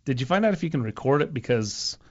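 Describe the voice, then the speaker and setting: A man co-hosting a golf radio show talks in a loose, joking way and often rambles off mid-sentence. His voice sits at an ordinary middle pitch. The broadcast sound is dull and lo-fi. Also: expressive, fast talker. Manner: joking, rambling, self-interrupting. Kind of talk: casual sports radio chat.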